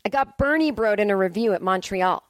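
A woman host rants bluntly through a casual comedic podcast monologue at home, swearing freely as she reacts to listener emails. Her voice sits at an ordinary middle pitch. The sound is dry and close, with no room echo. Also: expressive, a little fast.

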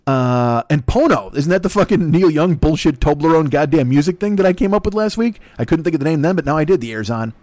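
A man's voice: fairly high pitch, animated, fast talker, few pauses, a little mellow, no echo. An older man hosting a solo podcast, rambling through crude, self-mocking riffs into a desk mic plugged into a laptop. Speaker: podcast host. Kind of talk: profane solo podcast monologue.

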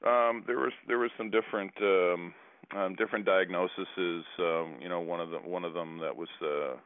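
A man in his forties, a former basketball player, telling stories as a guest with dry self-deprecating humor and halting fillers. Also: low-pitched, steady tone, clear, resonant tone, no room sound. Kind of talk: casual storytelling interview. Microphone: phone. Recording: tinny phone line.

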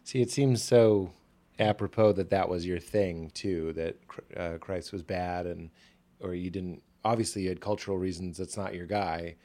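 A man's voice: low voice, fairly even intonation, moderate pace, warm tone. A man hosting a casual conversation, talking in an earnest, reflective way and speaking openly about himself. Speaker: podcast host and author.

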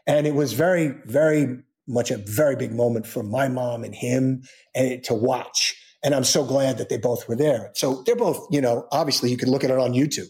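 A man's voice: mid-range voice, unhurried. A middle-aged man tells a long personal story as an interview guest. He rambles and restarts, with plenty of fillers, and lifts his voice when acting out what people said. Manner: animated, rambling anecdote with many fillers and restarts.

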